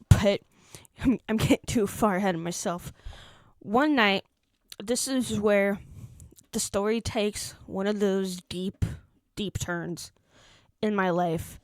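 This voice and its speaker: A woman's voice: mid-range voice, no echo, studio quality. A young woman vlogger telling a personal story in casual chat, rambling, repeating words and restarting her sentences, into a desk mic. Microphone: desk microphone.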